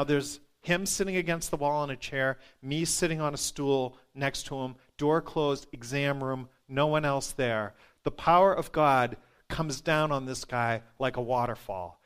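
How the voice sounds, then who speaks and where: Animated male nurse telling a story. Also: mid-range voice, smooth. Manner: animated, laughs often, repeats words. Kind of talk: storytelling testimony.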